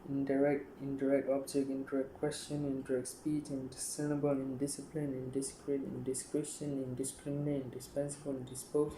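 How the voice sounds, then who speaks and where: A man reading dictionary words aloud one after another, in a flat listing manner with frequent stumbles and restarts. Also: mid-range voice, fairly quick, hardly any pauses, reverberant, noisy background. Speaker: youtuber.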